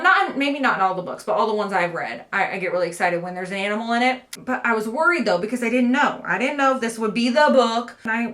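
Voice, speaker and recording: A woman's voice: a little high, a bit bright, roomy sound. A woman talking casually and animatedly as a book vlogger, laughing often as she reviews a horror novel.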